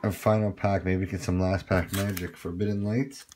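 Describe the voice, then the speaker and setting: A man hosting a card pack-opening video, chatting casually and getting excited over his pulls, with quick apologetic asides. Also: sits low, very noisy. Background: crinkling packs and shuffling cards.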